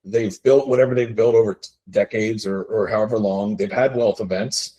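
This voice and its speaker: A man hosting a podcast interview, chatting in a relaxed way and framing the discussion. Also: on the low side, moderate pace, breathy edge, rough recording. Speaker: podcast host.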